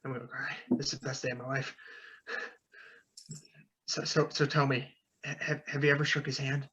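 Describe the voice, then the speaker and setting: Excitable gushing guy in a tabletop game, husky bright voice, dull lofi audio. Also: mid-range voice, moderate pace. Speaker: player. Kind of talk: playing a character in a tabletop game.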